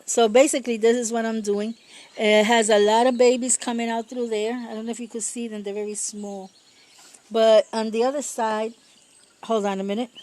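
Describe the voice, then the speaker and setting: A woman talking her way through a casual garden vlog outdoors, chatty and rambling, laughing often and pausing to search for words. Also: fairly high pitch, darkish tone, a little hiss or hum. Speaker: home gardener.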